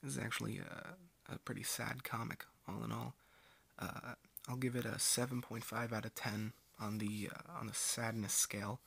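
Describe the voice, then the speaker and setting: Gravelly man hosting a casual review. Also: on the low side, flat delivery, normal speed, a bit bright. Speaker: host reviewing comic strips.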